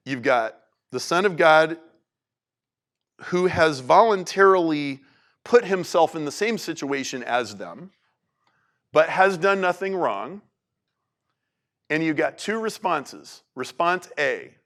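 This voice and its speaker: Man, talk speaker, loose chatty delivery with lots of restarts, a bit high-pitched. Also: slow pace, pauses often. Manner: animated, conversational, many restarts and "like". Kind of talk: talk to an audience.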